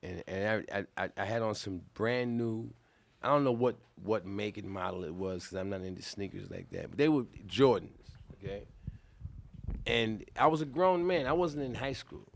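A man hosting a podcast, asking his guests questions and then telling his own story in a teasing, animated way. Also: lowish voice, normal speed, gravelly. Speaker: podcast host. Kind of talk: casual podcast chat.

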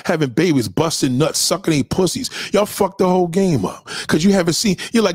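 Casting: man with a high, reedy voice, ranting hard into a close dry mic, profane and confrontational. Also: a little fast, few pauses, breathy edge, dry recording. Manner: profane, confrontational, swings between loud and low. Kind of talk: ranting monologue.

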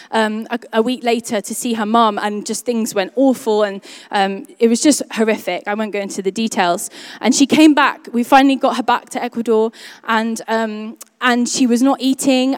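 A woman's voice: fairly high pitch, steady tone, normal speed, clean tone, no room sound, clean studio sound. A young woman speaking to a church group, telling a personal testimony in a chatty way full of "um" and "like". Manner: chatty, many fillers like "um" and "like".

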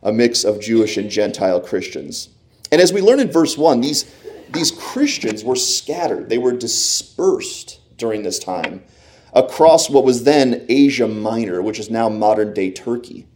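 A man teaching from the Bible in a conversational way, retelling scripture stories with animated, casual storytelling. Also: medium pitch, a little slow, slight background noise.

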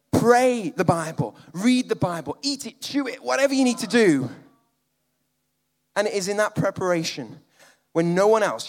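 A man preaching a sermon, moving between loud emphatic lines and quiet, almost whispered ones. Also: sits high, big-room sound.

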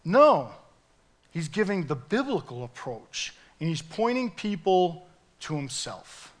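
A male pastor preaching a sermon in an animated, emphatic way, pushing his voice up at key points. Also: a little high, takes it slowly.

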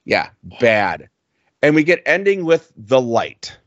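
A man's voice: mid-range voice, big pitch swings, takes it slowly, fairly bright tone, dry recording, dull audio. A man co-hosting a podcast in casual chat, blunt, profane and mocking as he reviews an album. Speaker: podcast co-host.

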